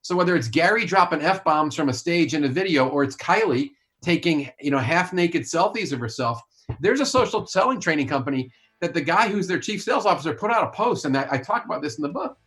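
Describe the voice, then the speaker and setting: A man's voice: fairly high pitch, animated, fairly quick, fairly bright tone. Blunt, emphatic male sales coach. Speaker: sales author and coach, podcast guest. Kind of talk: podcast interview answer.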